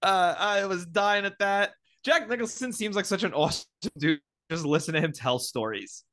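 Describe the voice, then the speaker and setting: High, bright-voiced man on a podcast. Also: expressive, normal speed. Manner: chatty, nitpicky about details, laughs easily. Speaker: podcast co-host. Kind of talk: casual movie-recap chat.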